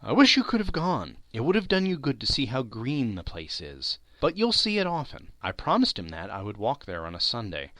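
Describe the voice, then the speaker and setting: A man's voice: medium pitch, wildly swooping pitch, fairly quick, few pauses, fairly bright tone, no echo. A man voicing a humble Victorian clerk and father, tender and close to breaking with grief.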